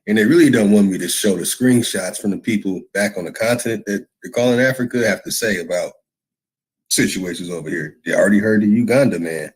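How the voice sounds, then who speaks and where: Male livestream host, lowish voice, loose and reactive. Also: a little fast, poor audio. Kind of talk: casual livestream talk.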